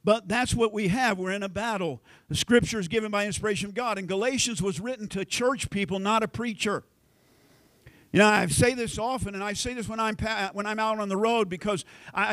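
A man's voice: high-pitched, brisk, fairly bright tone, no echo. A man preaching a sermon, often asking the congregation "amen?". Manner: repeats "amen?" to the congregation, with restarts. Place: church sanctuary.

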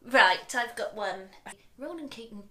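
A young woman giggles and cheers her friend on game, her voice high and unhurried. It sounds from an echoey room with faint noise behind her. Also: expressive. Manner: giggly, encouraging. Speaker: guest friend. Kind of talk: casual chat, accent game.

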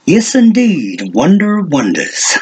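A man's voice: high voice, lively intonation, slow, slightly rough, heavily acted, rough recording. A man reading an audiobook and voicing a lean, sardonic young male hunter with a mocking, theatrical manner. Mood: teasing.

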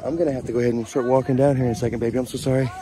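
A man's voice: medium pitch, flat delivery, racing. A man vlogging on a mountain lookout, nervous and full of anxious exclamations. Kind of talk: casual vlog narration. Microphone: handheld camera. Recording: outdoor camera audio with background noise.

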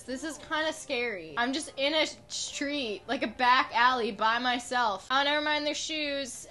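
A woman's voice: high-pitched, bright, forceful tone. A woman in her twenties giving chatty, sarcastic commentary while playing a video game, full of "like". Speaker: gaming YouTuber. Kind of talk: casual gameplay commentary.

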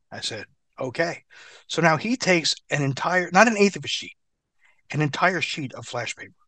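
A man who is a guest in an interview, telling a story in an animated, profane way. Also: a little high, no echo.

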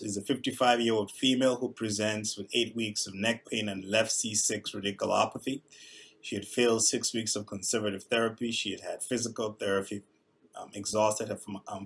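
A man with a somewhat low, husky voice presents a recorded lesson. He talks in a measured, explanatory way, often pausing on filler sounds. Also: a bit bright. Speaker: neurosurgeon teaching coding.

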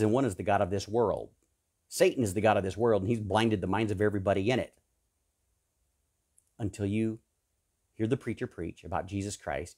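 A man preaching a sermon, fervent and emphatic, swinging between loud peaks and low hushed stretches, repeating and listing words for emphasis. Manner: repetitive, emphatic lists.

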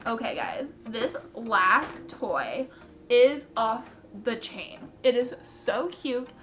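A woman's voice: a little high, sing-song, takes it slowly, fairly bright tone. A young woman chatting casually in a vlog, bubbly and gushing, often giggling. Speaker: vlogger.

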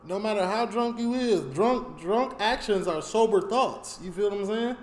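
A man's voice: high-pitched, normal speed, a little mellow, a little hiss or hum. A man hosting a reaction video, commenting in a candid, opinionated, conversational way. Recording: echoey room.

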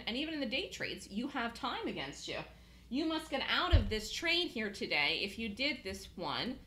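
A woman hosts a live trading room, coaching her listeners in a bright, forward voice. She talks fast and emphatically, hammers points home with repetition and breaks into laughter easily. The sound is echoey, with faint background noise. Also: medium pitch.

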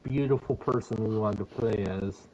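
A man's voice: fairly low pitch, normal speed, darkish tone, lo-fi sound, slight background noise. A man playing along on a game stream, hesitant and teasing, often trailing off mid-sentence. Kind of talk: casual gameplay chat.

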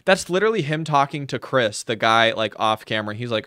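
A man's voice: medium pitch, expressive, brisk, sharp tone, no room sound, studio quality. A man doing sarcastic reaction commentary on a video, mocking and swearing as he rants. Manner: mocking, profane, ranting.

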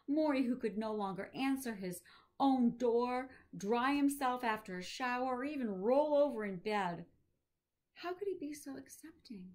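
Slow, measured woman reading aloud. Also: fairly high pitch, darkish tone. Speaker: teacher.

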